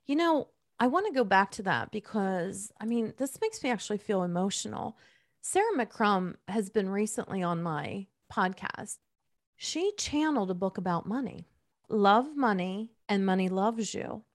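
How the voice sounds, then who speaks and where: A woman hosting a podcast interview, telling stories in an animated, giggly way and asking her guest to go deeper. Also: moderate pace, no echo, clean studio sound. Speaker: podcast host. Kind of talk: conversational interview.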